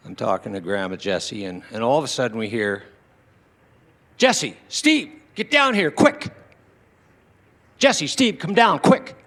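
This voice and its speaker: A man in his sixties telling personal stories to an audience at a small indoor venue, acting out what his relatives said. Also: lowish voice. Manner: animated, acts out shouted quotes of relatives. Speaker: storyteller at a tribute evening.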